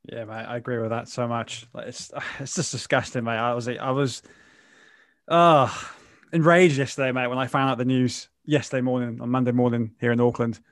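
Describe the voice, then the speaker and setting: A man's voice: mid-range voice, level tone, brisk, few pauses, no room sound, clean studio sound. A man co-hosting a casual podcast, speaking earnestly and often calling his friend mate. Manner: earnest, keeps saying mate. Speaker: podcast co-host.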